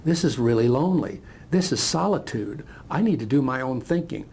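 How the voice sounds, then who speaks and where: A man voicing a weary, gravelly camel. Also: medium pitch, expressive, normal speed, darkish tone, slight background noise, lightly acted. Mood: earnest. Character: weary male camel, beast of burden.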